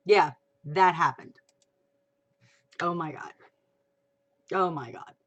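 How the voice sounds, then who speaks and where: A woman hosting a casual livestream chat, chatty and expressive, swearing casually. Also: low voice, takes it slowly, slightly rough, lo-fi sound. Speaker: livestream host. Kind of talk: casual chat about fan fiction.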